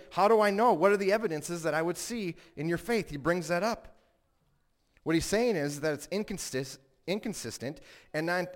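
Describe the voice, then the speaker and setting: A man delivers a sermon in an earnest, building way, his voice sitting a little higher than most men's. He tells stories and acts out the quotes, then presses each point home with emphatic peaks. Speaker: preacher.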